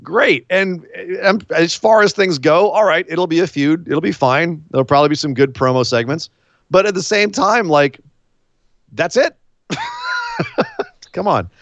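A man hosting a casual chat about wrestling, animated, with frequent laughs and quick asides. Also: fairly high pitch, no echo. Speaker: podcast host. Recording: dull lo-fi dry sound.

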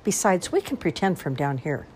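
A woman's voice: lowish voice, big pitch swings, normal speed, a little mellow, a little hiss or hum. A woman voicing Sam, a timid, bookish boy mouse who speaks hesitantly and nervously.

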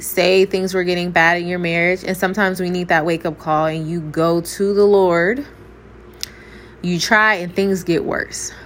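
A woman's voice: medium pitch, a bit bright. Candid woman giving a faith testimony. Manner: candid, preachy, talks straight to her audience. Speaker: faith vlogger. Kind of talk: casual faith testimony to viewers. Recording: faint background noise.

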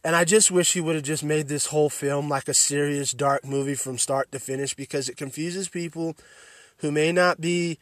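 A man's voice: fairly high pitch, steady tone, moderate pace, no room sound. A man hosting a podcast, giving a blunt film review full of profanity and emphatic restarts. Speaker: podcast host reviewing films.

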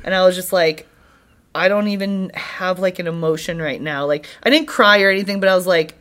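A young woman, a podcast guest, casually telling an animated story with frequent "like" fillers. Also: on the low side, brisk. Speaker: podcast guest, CrossFit athlete.

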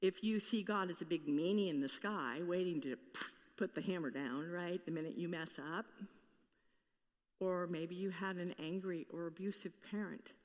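A woman's voice: lowish voice, normal speed, big-room sound. A woman pastor preaching a sermon in an earnest way, now and then acting out the voices she quotes.

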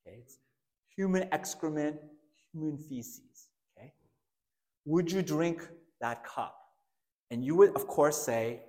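A male pastor delivering a sermon with dynamic swings, dropping to hushed tones and then rising to loud, emphatic peaks. His voice sits at an ordinary middle pitch. A long hall reverb trails after his words.

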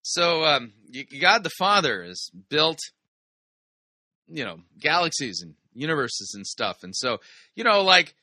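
A man's voice: on the high side, big pitch swings, measured pace, bright, forceful tone, no room sound, clean studio sound. A man hosting a commentary show, casually critiquing sermon clips with sarcastic, incredulous asides. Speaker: host reviewing sermon clips.

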